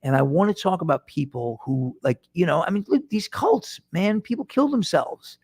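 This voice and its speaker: A man's voice: sits high, lively intonation, normal speed, darkish tone, breathy edge, no room sound, studio quality. A middle-aged man hosting his own podcast, talking to listeners in a rambling, self-deprecating way with lots of restarts. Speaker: podcast host. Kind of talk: casual solo monologue. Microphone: microphone in front of him.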